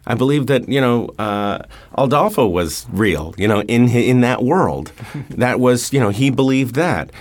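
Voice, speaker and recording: A middle-aged man, a stage actor speaking as a guest in a relaxed interview, thoughtful and full of pauses and fillers. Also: mid-range voice. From New York.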